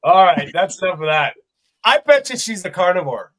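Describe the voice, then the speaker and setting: A man's voice: high voice, very animated, normal speed, fairly bright tone. A man hosting a podcast in a laid-back, chatty way, laughing often. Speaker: podcast host. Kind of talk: casual podcast chat.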